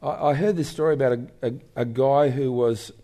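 An older man speaking as a guest in an on-stage interview, telling stories in an animated way. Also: mid-range voice, fairly quick. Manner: animated storyteller, acts out voices in anecdotes.

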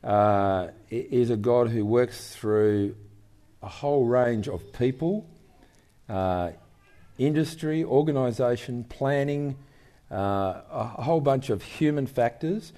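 An older man speaking as a guest in an on-stage interview, telling stories in an animated way. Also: medium pitch, slow pace. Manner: animated storyteller, acts out voices in anecdotes.

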